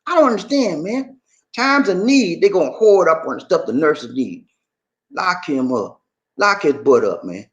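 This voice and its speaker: A man's voice: a little high, a little slow, lo-fi sound. A man hosting a casual livestream, greeting viewers and reading their comments aloud in an emphatic, chatty way. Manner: animated, emphatic, chatty, repeats phrases. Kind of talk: casual live chat.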